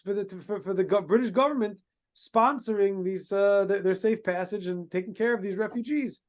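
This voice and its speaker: A man, a rabbi, telling a story in a sermon, halting with many restarts and using Hebrew and Yiddish terms. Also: high voice. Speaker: rabbi giving a talk.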